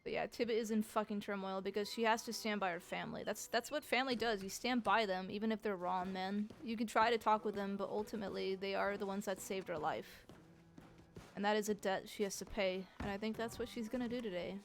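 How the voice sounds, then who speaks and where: A woman's voice: medium pitch, fairly even intonation, brisk. A woman streamer chatting casually with her viewers about her role-play character, swearing freely. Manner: chatty, swears, talks to chat.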